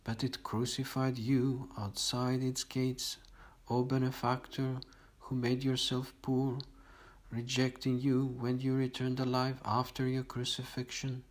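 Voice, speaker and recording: A man reading liturgical morning prayers aloud in a steady, measured recitation. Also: medium pitch, low-quality recording. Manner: steady monotone recitation on one note. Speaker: liturgical reader.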